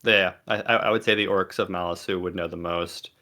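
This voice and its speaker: A man with a low, bright and tense voice runs a tabletop game as game master. He gives his rulings in a dry, matter-of-fact way. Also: fairly even intonation, fairly quick.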